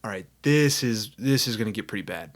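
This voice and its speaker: A man's voice: on the low side, lively intonation, a little fast. A young adult man, a podcast guest, telling a story in casual chat and laughing often as he talks.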